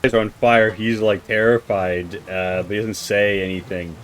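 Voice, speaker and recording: A man's voice: on the low side, level tone, normal speed, slight background noise. A man narrating a tabletop role-play game as game master, loose and full of "uh, you know" fillers.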